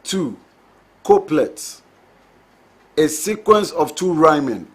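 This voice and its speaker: A man giving a recorded literature lecture, reading terms and examples slowly and deliberately. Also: on the high side, lively intonation, breathy edge.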